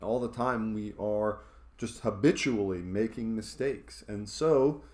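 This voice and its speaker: A man's voice: lowish voice, measured pace, darkish tone. A man in his thirties, a church staff member, talking casually to camera and telling a self-mocking story, rambling with fillers.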